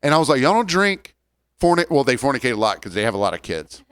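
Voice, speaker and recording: A man's voice: mid-range voice, animated, a bit bright, clean tone, no room sound, clean studio sound. A man in his forties co-hosting a casual podcast, joking and ranting through long stories. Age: 40s. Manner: joking, ranting, drawn-out storytelling. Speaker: podcast co-host. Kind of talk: casual chat.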